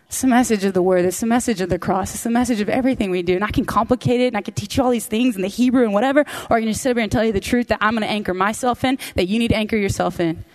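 A woman teaching a women's Bible study, emphatic, repeating key phrases and acting out prayers. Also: mid-range voice. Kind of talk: impassioned teaching to a women's group. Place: room with a women's group.

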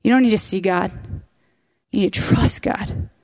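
A woman's voice: medium pitch, normal speed, creaky, a little mellow. A woman teaching a women's Bible study, emphatic, repeating key phrases and acting out prayers. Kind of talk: impassioned teaching to a women's group. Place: room with a women's group.

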